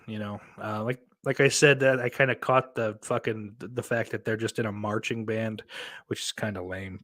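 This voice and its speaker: A man hosting a solo podcast in a loose, rambling way, cursing constantly and poking fun at himself. His pitch swings widely as he reacts to viewer comments. He sits at a mid pitch for a man. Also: a bit bright. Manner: rambling and heavily profane, self-mocking. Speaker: podcast host.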